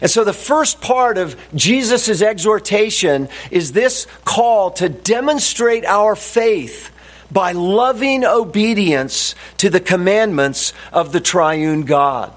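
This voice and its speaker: A male pastor delivers a sermon in a high voice. He moves slowly and deliberately, leaning on his key phrases and repeating them for emphasis. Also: expressive.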